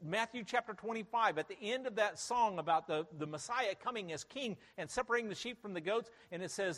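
Emphatic man preaching with lively pitch. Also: a little fast, hardly any pauses, long reverb tail. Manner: emphatic, with rhetorical questions. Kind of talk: sermon.

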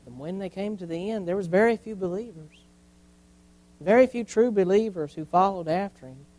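A high-voiced man preaching from the pulpit. He hammers points with repetition and lets his voice fall to a hush for effect before rising again. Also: normal speed, low-quality recording. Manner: preaching with swings from loud emphasis to quiet, repeated phrases. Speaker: pastor. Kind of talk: sermon.

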